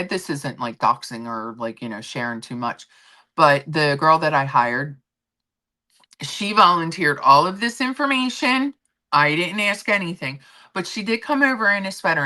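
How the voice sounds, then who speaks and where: A middle-aged woman hosts a casual livestream, rambling as she chats and answers viewers' comments. Her voice sits low but comes across pushed and bright.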